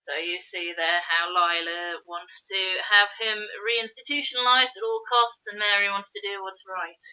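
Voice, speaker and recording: A woman's voice: medium pitch, fairly even intonation, normal speed, hardly any pauses, bright, forceful tone, clear, resonant tone, highs cut off. A woman co-hosting a podcast, earnestly explaining and analysing film characters in casual chat. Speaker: podcast co-host.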